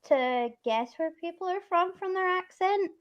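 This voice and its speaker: A woman's voice: very high-pitched, expressive, dull audio. A woman with a mixed Scottish and English accent, rambling chattily as she hosts a casual stream chat. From Scotland. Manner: rambling, chatty, quick to laugh. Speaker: stream host.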